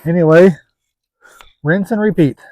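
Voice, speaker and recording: Casting note: plain-spoken man, slightly high voice, dry close mic, easygoing joking how-to delivery. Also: measured pace, a little mellow, dry recording, low-quality recording. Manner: folksy, joking, rambling. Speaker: classic car seller. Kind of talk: casual how-to vlog.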